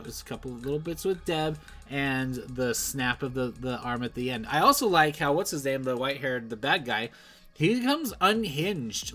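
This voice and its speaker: A man talks through a TV episode in a loose, rambling review, restarting sentences and trailing off before circling back with enthusiasm. His voice sits at an ordinary middle pitch. Soft music plays faintly under his talk. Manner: rambling, self-correcting, enthusiastic. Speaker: show reviewer. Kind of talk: casual spoken TV review. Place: at home, streaming.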